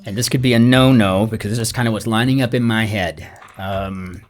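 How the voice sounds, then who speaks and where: A man's voice: lowish voice, brisk. A middle-aged man solving a crossword aloud as host, chatty and rambling, muttering the clues half to himself. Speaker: crossword solver and channel host. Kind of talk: casual think-aloud puzzle solving. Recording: soft guitar music underneath.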